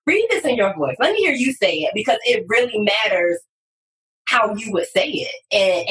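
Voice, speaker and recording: A woman guest on a podcast, talking about copywriting in an animated, emphatic way with sudden loud bursts. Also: medium pitch. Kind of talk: casual podcast conversation. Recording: distant, echoey room sound.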